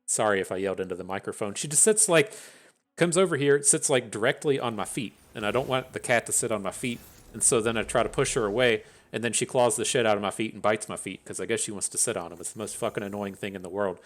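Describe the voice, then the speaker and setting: A man's voice: on the low side, fast talker. A man thinking aloud as he commentates his own card game, swearing freely and grumbling between plays. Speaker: gameplay commentator. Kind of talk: casual gameplay commentary.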